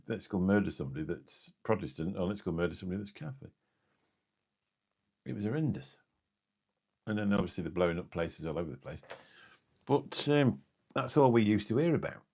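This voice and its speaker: A very low-pitched English man in his fifties with a gravelly edge and a husky, rough tone. He chats on a late-night live stream, wandering from point to point and losing his thread as he answers viewers. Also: a little mellow. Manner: rambling, forgetful, chatty, answers viewer comments. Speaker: live streamer and taxi driver.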